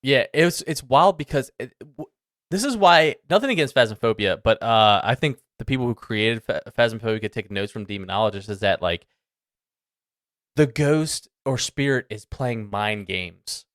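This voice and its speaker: Male co-host, medium pitch, excitable rambler, dry and close. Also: dry recording. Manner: excitable, rambling, quick bursts. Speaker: podcast co-host. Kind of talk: casual chat.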